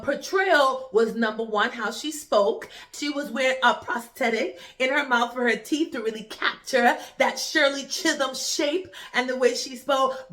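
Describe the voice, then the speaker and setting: A Jamaican woman talks through a film she just watched, her voice high and bright. She is chatty and animated, often repeating words for emphasis as she reviews it. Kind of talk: casual spoken film review.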